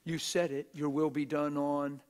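A middle-aged man preaching a sermon in a church auditorium on a stage microphone, talking plainly and swinging from hushed whispers to loud shouts. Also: a little high, level tone, unhurried. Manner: plain-spoken, street-style talk.

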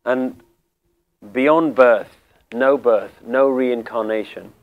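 A man teaching Sikh scripture, explaining word meanings calmly and deliberately, repeating key phrases. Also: medium pitch, narrow, tinny audio. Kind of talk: slow spiritual explanation.

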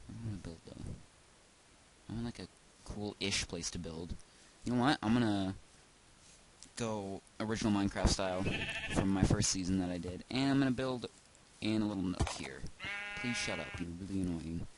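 Talking at a normal speed in a voice on the low side, a young gaming video host rambles goofily to himself while commentating his game at home. It's casual let's-play talk, marred by heavy background noise hiss.

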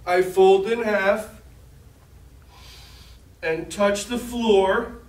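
A man's voice: high-pitched, steady tone, drawn-out words, a little mellow. A man leading a guided movement lesson for children, giving playful, coaxing instructions and call-outs. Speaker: children's yoga leader. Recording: echoey room, voice from far off.

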